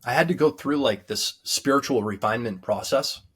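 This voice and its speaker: A man, a guest in an interview, telling a personal story in a sincere, halting way with many pauses and ums. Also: mid-range voice, fairly bright tone. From United States. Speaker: guest recounting a near-death experience. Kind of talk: earnest personal testimony.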